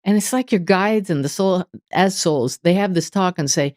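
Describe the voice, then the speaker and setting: A woman being interviewed as a medium, telling lively stories and acting out inner dialogue. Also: lowish voice, normal speed, few pauses, no room sound, studio quality. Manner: animated storytelling, voices inner dialogue. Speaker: guest medium. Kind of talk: interview conversation.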